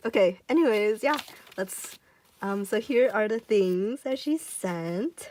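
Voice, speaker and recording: A young woman unboxing a package in a casual vlog, gushing and excitable, her voice going a little hoarse. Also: mid-range voice, measured pace. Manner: gushing, excitable, many exclamations. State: voice getting hoarse. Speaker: YouTuber.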